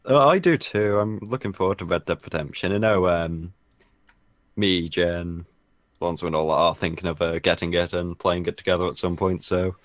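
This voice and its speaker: A man co-hosting a game stream, chatting in an easygoing, halting way with lots of fillers. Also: low voice, steady tone, no room sound, soft background music. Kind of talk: casual gaming stream chat.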